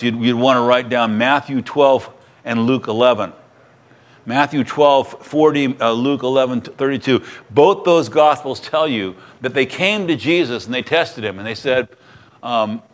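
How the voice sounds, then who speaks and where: A man preaching a sermon, retelling a Bible story with animated storytelling and acted-out voices. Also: mid-range voice. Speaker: pastor.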